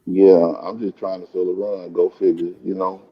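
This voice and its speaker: A man with a very low voice chats in a relaxed, meandering way, dropping "man" into nearly every sentence. He is hosting a live stream from a comic book store. His phone picks him up with a dull, lo-fi sound. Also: normal speed, no echo. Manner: laid-back, rambling, says "man" often. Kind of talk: casual chat.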